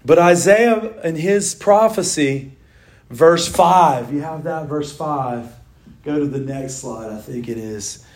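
A man, preaching an animated sermon in church as the pastor, telling stories and reading scripture. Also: fairly high pitch, slow pace. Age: 40s. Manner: animated storytelling preaching, mimics owl calls.

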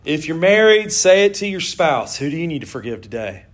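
A middle-aged man preaching a casual, animated sermon, joking and talking to his listeners like friends. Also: a little high, brisk. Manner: animated, jokey, conversational with laughs and asides.

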